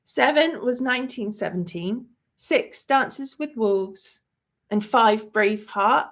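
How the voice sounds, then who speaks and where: Brief: effusive female movie-channel host, casual stream chat, higher-pitched voice. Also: lively intonation, slow pace. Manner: effusive, gushing, chatty; reads viewer comments aloud.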